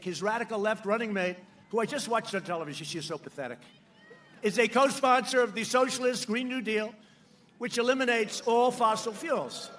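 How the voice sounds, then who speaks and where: A man giving a campaign rally speech at a podium microphone, mocking and repetitive, shouting lines out to the crowd. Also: high-pitched, slight background noise. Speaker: politician addressing a rally crowd. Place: large outdoor rally.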